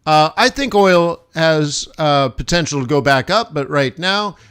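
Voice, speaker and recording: A man's voice: a little high, expressive, unhurried, fairly bright tone, clear, resonant tone. Chatty man telling a travel story. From United States. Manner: chatty, many restarts, laughs while telling stories. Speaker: livestream host, forex trader. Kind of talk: casual rambling storytelling. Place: home studio during live stream.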